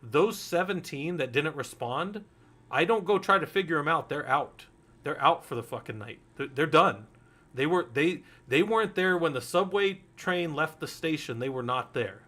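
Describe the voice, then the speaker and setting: A man's voice: a little high, animated, moderate pace, a bit bright. A man in his forties teaching a Linux security course in a candid, loose way, swearing freely and drifting into anecdotes. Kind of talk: casual technical lecture.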